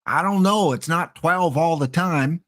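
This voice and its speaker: A man's voice: a little high, sharp tone, voice pushed up. A confused old grandpa, as a man puts him on in a lifted, quavering voice with an odd put-on accent. He rambles and stretches his words as he begs for help with his gadgets. The voice sits well above the performer's own and its timbre shifts. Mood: pleading. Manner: bewildered, rambling, drawn-out words.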